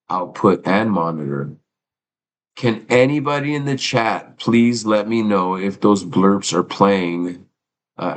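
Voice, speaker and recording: A man's voice: low voice, slight background noise, low-quality recording. A man chatting casually on his own live stream, rambling and talking to himself while fixing his stream audio, with casual swearing. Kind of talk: casual solo livestream chat.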